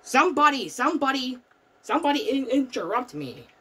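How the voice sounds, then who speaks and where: A woman's voice: high-pitched, sing-song, fairly quick, pushed and bright, husky, far from the mic. A woman giving frantic, swear-filled gameplay commentary, repeating "bro" constantly. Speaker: gamer.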